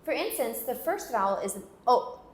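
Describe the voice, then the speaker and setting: A woman teaching a phonics lesson, patiently leading repeat-after-me drills and loudly over-enunciating each syllable. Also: a little high, very animated, normal speed. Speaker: language teacher. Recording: roomy echo.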